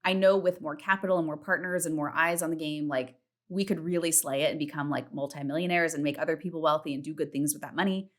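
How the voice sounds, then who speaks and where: Chatty woman host, candid and animated. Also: quick pace. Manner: chatty, animated, swears freely, acts out self-talk in a high voice. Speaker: podcast host. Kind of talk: casual solo podcast talk. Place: home, partner in the next room.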